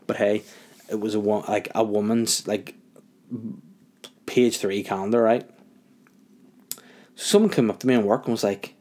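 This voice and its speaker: A young man telling a story in a casual, animated rant, incredulous and full of fillers. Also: on the low side, a little fast.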